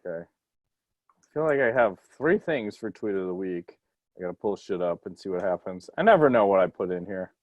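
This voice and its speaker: Casual podcast co-host, male, lively swinging pitch, dry close sound. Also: normal speed, dry recording, highs cut off. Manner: animated, breaks into mocking put-on quotes. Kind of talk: casual chat.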